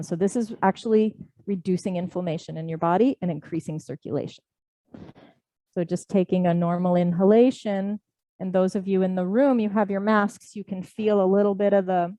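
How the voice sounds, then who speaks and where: A woman teaching a live yoga class to people in the room and online. She gives gentle, slow breathing cues. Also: mid-range voice, dry recording, poor audio. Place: indoor studio class, also streamed online.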